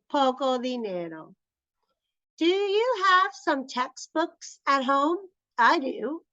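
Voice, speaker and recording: A woman teaching a Spanish grammar lesson, slow and patient, repeating each phrase. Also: high voice, pushed and bright, no echo, rough recording.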